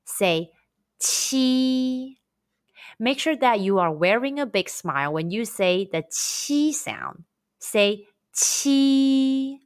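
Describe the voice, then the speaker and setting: A woman teaching a scripted pronunciation lesson, drilling sounds slowly and carefully for learners to repeat. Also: mid-range voice, big pitch swings. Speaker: Chinese language teacher.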